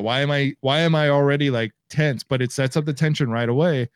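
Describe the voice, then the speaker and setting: A man's voice: medium pitch, normal speed, no echo. A man co-hosting a podcast from home, talking casually and acting out his reactions. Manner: animated, acts out reactions in quotes. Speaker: podcast co-host. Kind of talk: casual chat. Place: home, remote recording.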